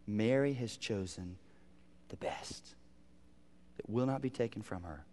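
A man playing a calm, gentle man who lovingly corrects a worried friend in a soft, low voice. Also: measured pace, close to an everyday voice.

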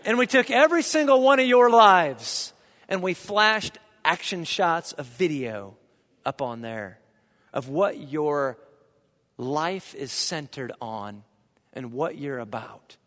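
Middle-aged male pastor from Indiana, high voice, animated anecdotal sermon delivery, reverberant hall. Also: slow pace. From Indiana, USA. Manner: lively anecdotal storyteller, jokes with the audience. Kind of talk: storytelling sermon. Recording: long reverb of a large hall.

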